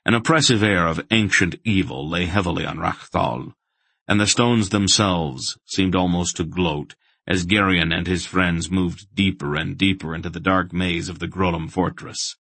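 Deep, gravelly male narrator. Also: no room sound. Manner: steady, measured reading. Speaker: audiobook narrator. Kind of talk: scripted narration.

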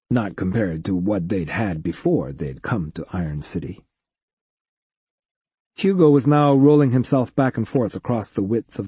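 A man narrating an audiobook story in an expressive storytelling manner, recorded close on a dry studio mic. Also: lowish voice, husky, dry recording. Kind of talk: scripted narration.

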